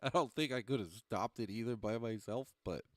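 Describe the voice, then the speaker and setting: A man with a fairly low voice talks loosely to his livestream viewers. He rambles, swears freely and keeps laughing at his own jokes, all in a dry, close sound with no room echo. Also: fairly quick. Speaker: stand-up comedian and livestreamer. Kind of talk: casual livestream chat with viewers.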